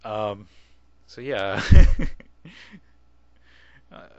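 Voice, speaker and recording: Low-voiced man rambling on a dull webcam mic. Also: fairly even intonation, extremely slow, dry recording. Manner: rambling, self-interrupting with chuckles. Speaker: video blogger. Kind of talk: casual video response.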